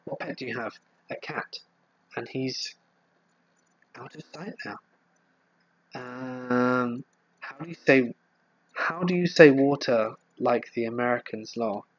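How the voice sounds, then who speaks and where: A man with a Southeast English accent chats casually on a live stream, reading out viewer comments and answering each one in an easygoing, rambling way. His voice sits at an ordinary middle pitch. The audio is dull and lo-fi. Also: slow pace, pauses often, breathy edge. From England. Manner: relaxed, rambling, reads viewer comments aloud and answers them with fillers.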